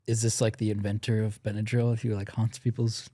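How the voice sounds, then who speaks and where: Laughing young man with a mellow voice. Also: lowish voice, little pitch movement, fairly quick, no room sound. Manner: curious, laughs often, asks questions. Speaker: podcast co-host. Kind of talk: casual chat.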